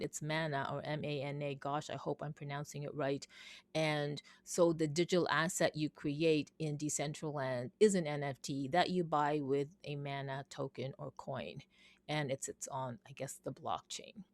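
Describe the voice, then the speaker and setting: A woman's voice: low-pitched, a little mellow, no room sound. A woman talking casually in a vlog, thinking aloud, rambling and reading things off her screen. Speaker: vlogger.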